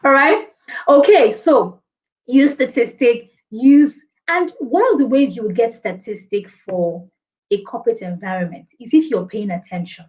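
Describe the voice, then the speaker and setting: Woman, presentation coach, chatty and laughing, somewhat high voice, muffled online audio. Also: measured pace. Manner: lively, reads and thanks viewer comments, laughs often. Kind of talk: live online training session. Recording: dull lo-fi stream audio.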